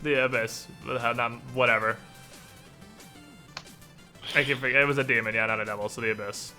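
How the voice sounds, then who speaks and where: A man's voice: mid-range voice, steady tone, a little fast, bright, forceful tone, faint music behind. A man playing a tabletop game, chatting casually over voice chat, exasperated and prone to swearing.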